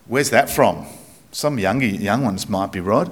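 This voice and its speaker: A man with an Australian accent preaching a sermon to a congregation in a chatty, joking way, slowing down to stress key points. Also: lowish voice. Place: church, speaking to a congregation.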